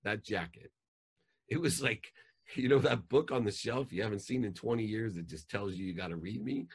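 Deep-voiced man telling a life story. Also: normal speed, breathy edge. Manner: emotional, animated storytelling with rising outbursts. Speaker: podcast guest. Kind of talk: personal storytelling.

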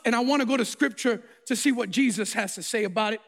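A man's voice: very high-pitched, fast talker, vocal fry, few pauses, fairly bright tone. A middle-aged man, a pastor, preaching a sermon that opens with a self-mocking personal story, talking animatedly and often repeating words. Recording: long hall reverb.

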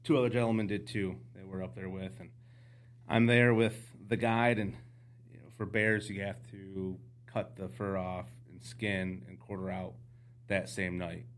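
Lower-voiced man telling hunting stories. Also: moderate pace, a little hiss or hum. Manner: animated anecdotes, acts out dialogue. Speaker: podcast guest, outdoorsman. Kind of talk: casual storytelling.

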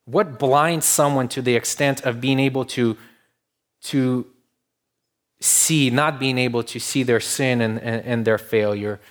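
A man's voice: mid-range voice, steady tone, measured pace. Man preaching a conversational sermon. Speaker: pastor.

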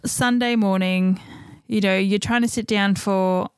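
A woman's voice: medium pitch, unhurried, clean tone, no echo. A woman, chatting casually as a podcast co-host and telling stories animatedly with acted-out quotes. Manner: animated storytelling, acts out quotes, swears casually. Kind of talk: casual chat.

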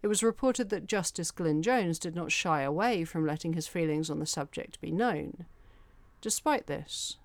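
A woman narrates a true-crime case in a measured, steady telling, her voice sitting a little low. She is recorded on a close mic in a dry, dead room. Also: no echo. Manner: measured, even storytelling with careful detail. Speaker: podcast host.

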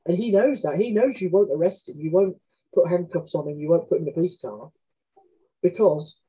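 Woman, author guest; dark, husky, candid storyteller. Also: fairly low pitch, a little fast, low-quality recording. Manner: frank, chatty, often acts out quoted dialogue. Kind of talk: candid conversational anecdotes.

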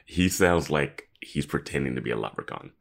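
A man's voice: very deep voice, lively intonation, normal speed, vocal fry. A man co-hosting a podcast in casual chat, making dry, sarcastic jabs. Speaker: podcast co-host.

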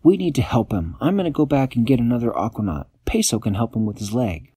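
A man's voice: mid-range voice, animated, quick pace, warm tone, husky. A man voicing a clumsy, eager young female explorer in an improvised bedtime story, in an earnest, pleading way. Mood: urgent.

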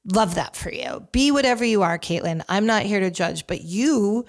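A woman's voice: mid-range voice, animated, normal speed. A woman hosting a podcast, giving candid, opinionated commentary that rambles with frequent restarts. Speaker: podcast host.

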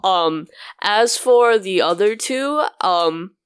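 Rambling co-host, smooth dry voice. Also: mid-range voice, lively intonation, slow pace, no echo. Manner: rambling, heavy use of "like" and "um". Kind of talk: casual film review chat.

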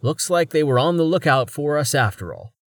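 A man voicing a cautious, uneasy young adventurer who speaks softly. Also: fairly high pitch, expressive, fairly quick, dry recording, studio quality, voice pushed up. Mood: tense quiet. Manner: quiet, soft-spoken.

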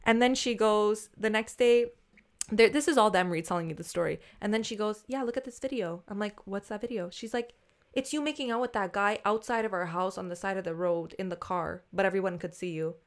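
A woman co-hosting a podcast, telling a story in a lively, swearing manner and acting out what people said. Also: mid-range voice, fairly quick. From not from Australia. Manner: animated, swears freely, acts out quotes. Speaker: podcast co-host. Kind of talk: casual storytelling chat.

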